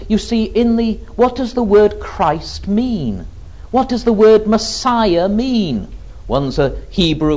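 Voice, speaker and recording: Man, preacher, sermon, rhetorical questions, very slow, dull lo-fi sound. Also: high voice, darkish tone. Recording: dull lo-fi recording.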